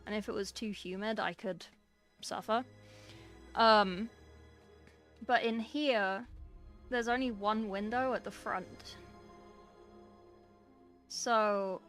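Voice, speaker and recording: A woman's voice: medium pitch, slow pace, pauses often, a bit bright, faint music behind. A young woman chatting casually on a livestream while painting miniatures, reading and answering her chat from a small room at home. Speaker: streamer.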